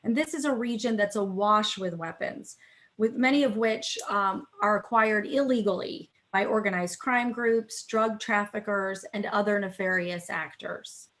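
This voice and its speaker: A woman moderating an online panel over a video call. She speaks in a measured, semi-formal way at a middle pitch and now and then fills a pause with "um" or "uh". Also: a bit bright. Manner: measured, semi-formal opening remarks with some fillers. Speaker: think tank vice president hosting a webinar.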